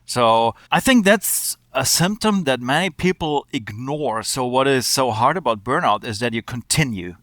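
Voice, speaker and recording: A man's voice: medium pitch, a bit bright, no room sound. A man, speaking as a guest on a podcast interview. He thinks aloud and often restarts his sentences as he works out his answers. The dry, close recording has no room sound. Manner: thoughtful, with frequent restarts.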